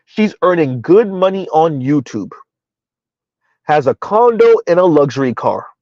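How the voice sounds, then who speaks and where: A man's voice: fairly high pitch, very animated, measured pace, darkish tone, dry recording. A middle-aged man hosting casual live-stream commentary, rambling with lots of fillers and laughs. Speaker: commentary channel host. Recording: dull, lo-fi dry recording.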